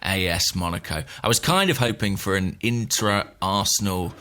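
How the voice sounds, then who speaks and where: A man co-hosting a podcast, joking around and chatting in a playful, animated way. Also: low voice, moderate pace. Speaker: podcast co-host. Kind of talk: casual podcast chat.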